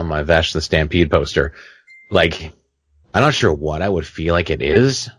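A young man co-hosting a casual podcast, telling stories with lots of swearing and acting out his own panicked shouts. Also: sits low, no room sound. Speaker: podcast co-host.

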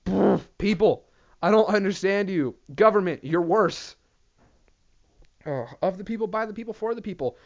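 A young man hosting a casual solo rant, full of swearing and sidetracks. He apologizes for himself as he goes. His voice sits a bit high, and the recording sounds muffled and lo-fi. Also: lively intonation, normal speed. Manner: profane, rambling, self-deprecating. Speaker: podcast host. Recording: dull lo-fi recording.

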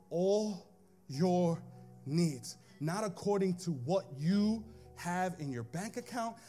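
High-voiced preacher with faint music behind. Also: male voice. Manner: preaching with rising intensity, sing-song shouted cadences; conversational asides to the congregation. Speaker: pastor. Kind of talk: sermon. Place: church.

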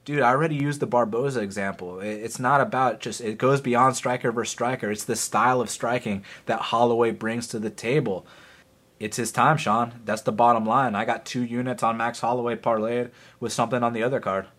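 A man co-hosting a casual fight-betting podcast, talking in an excitable, emphatic way with lots of swearing. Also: medium pitch, a little fast. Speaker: podcast co-host.

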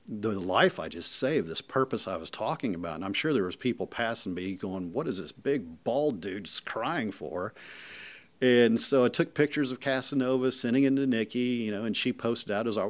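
A middle-aged man, a volunteer telling a personal story in an earnest, emotional way and often repeating himself. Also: on the low side. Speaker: rescue volunteer.

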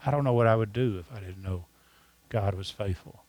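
A man preaching a sermon to his congregation, earnest and repetitive, slowing down to stress key lines. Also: lowish voice, darkish tone, no echo. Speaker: pastor.

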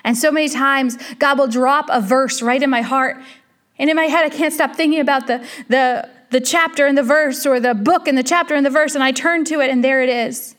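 High-voiced woman preaching a sermon. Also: fairly even intonation, brisk, a bit bright. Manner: earnest, repetitive, addresses listener as friend.

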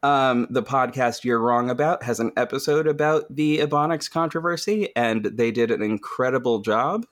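A man's voice: mid-range voice, moderate pace, hardly any pauses, fairly bright tone. A man hosting a podcast in casual chat, laughing often and swearing freely as he tells the story. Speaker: podcast host.

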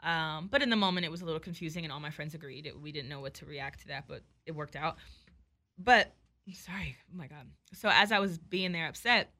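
A young woman telling a story in casual chat, animated and profane, acting out both sides of the dialogue. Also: deep voice, quick pace.

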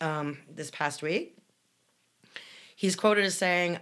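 Woman, middle-aged, low voice, blunt and cussing, casual co-host chat. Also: slow, pauses often, fairly bright tone. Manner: blunt, storytelling, swears freely. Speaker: podcast co-host reading listener comments.

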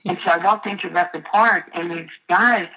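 Bright-voiced New woman storyteller. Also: fairly low pitch, normal speed, poor audio. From New York City. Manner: lively storyteller who acts out the voices in her stories. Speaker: guest. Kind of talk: storytelling interview.

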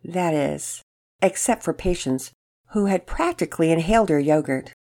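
A woman reading a children's story aloud in an expressive, storytelling way. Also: low voice, normal speed.

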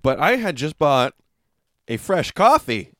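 A man co-hosting a podcast, telling a story in casual chat, animated and profane, loudly acting out what people said. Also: on the high side, measured pace, dry recording, clean studio sound. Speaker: podcast co-host.

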